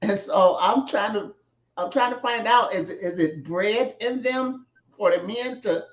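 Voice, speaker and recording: A woman's voice: mid-range voice, a little slow, reverberant, dull audio. A woman in her fifties, a guest in a casual talk show, musing and laughing as she talks. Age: 50s. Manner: laughs while talking, musing and questioning.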